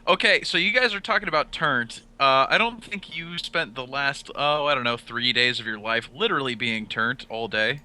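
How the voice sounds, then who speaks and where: A man hosts a loose, casual podcast, relating an anecdote with lively quoted dialogue. His voice sounds very bright and clear-edged at an ordinary middle pitch. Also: normal speed, few pauses. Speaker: podcast host.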